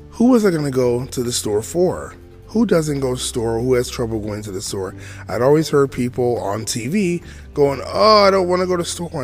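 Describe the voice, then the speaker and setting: A man in his forties, his voice medium-pitched and a little mellow, tells his own story as a podcast host. It's a chatty storytelling monologue full of asides to the listener.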